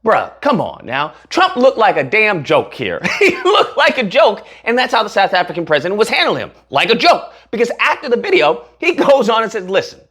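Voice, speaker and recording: Animated sarcastic man with a husky voice. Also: high voice, normal speed, hardly any pauses. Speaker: commentary channel host. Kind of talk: political commentary.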